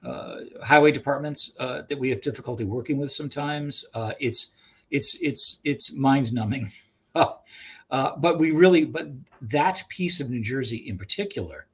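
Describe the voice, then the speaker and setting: Answering questions during a webinar over video, this male regional trail manager stumbles frequently, using fillers and starting over. He speaks in a mid-range, fairly bright voice with a husky edge.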